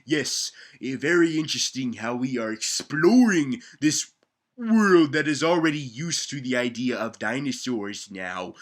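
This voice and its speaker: A young man giving a casual comedic movie recap, rambling, excitable and swearing. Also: mid-range voice, measured pace.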